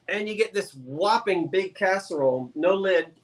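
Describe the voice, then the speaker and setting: A man's voice: sits high, expressive, normal speed, few pauses. A man selling items on a live sale stream, with chatty, joking sales patter. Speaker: guest seller on a live sale.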